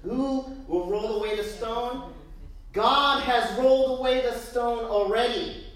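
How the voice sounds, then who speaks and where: A woman pastor preaching a sermon in a lively, joking way, full of rhetorical questions, in a church. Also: on the high side, slow pace. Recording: very echoey room, distant mic.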